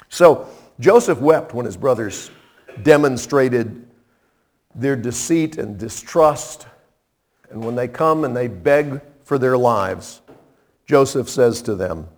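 A man preaching a sermon as pastor, impassioned and climbing to high, emphatic peaks. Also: animated, takes it slowly, pauses often, darkish tone.

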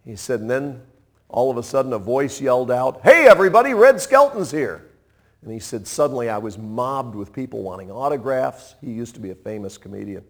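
A man in his sixties, a pastor preaching a sermon in an animated way, acting out playful voices and chuckling as he goes. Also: medium pitch, a little fast. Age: 60s.

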